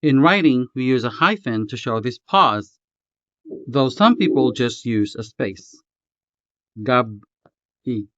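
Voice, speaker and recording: A man teaching a language lesson, reading a script slowly and carefully, spelling out each syllable. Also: mid-range voice, lively intonation, a bit bright, dry recording, lo-fi sound. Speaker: language tutor.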